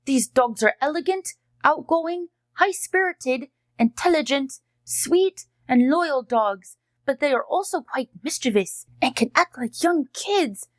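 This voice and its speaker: A cheerful friendly dog host, played by a woman, chatting sweetly and teaching kids as she unboxes. Her voice is high and close, with a dry sound that has no room around it. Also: expressive, a little slow, no echo. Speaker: host of a kids' unboxing video. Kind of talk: kids' educational unboxing narration.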